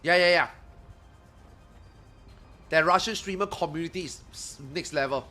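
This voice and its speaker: Bright high-voiced man ranting on stream. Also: moderate pace, faint music behind. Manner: ranting, profane, rising loud when worked up. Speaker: gaming streamer. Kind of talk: casual live-stream chat.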